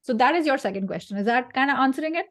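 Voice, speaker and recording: A woman giving an animated career-coaching talk to an audience, acting out quoted voices and laughing along the way. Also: high voice, very fast.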